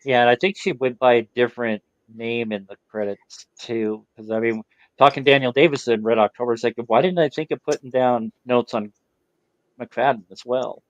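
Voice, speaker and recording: A man hosting a casual podcast chat, relaxed and conversational, putting questions to the others. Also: mid-range voice, moderate pace, dry recording. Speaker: podcast host. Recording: dull, lo-fi dry audio.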